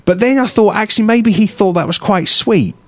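A man from London with a London English accent, co-hosting a casual radio chat show and telling animated stories, often mimicking people in a high, excited voice. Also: brisk, no room sound. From London, England. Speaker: co-host. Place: radio studio.

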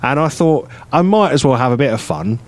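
On the radio, an English co-host spins a loose, rambling anecdote in casual conversation, laughing often and full of fillers and restarts. His medium-pitched voice is expressive and fairly quick, recorded with no room sound.

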